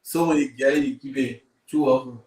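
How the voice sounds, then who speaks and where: A man's voice: mid-range voice, fairly even intonation, fairly quick, darkish tone. A man hosting a live interview who asks questions and repeats them to make sure they land. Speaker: interview host. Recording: very echoey room.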